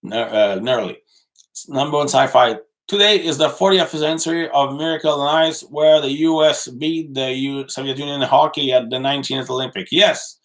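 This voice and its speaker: A man who is not a native English speaker, answering his livestream chat in a casual, halting way with many restarts and fillers. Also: medium pitch, fairly bright tone.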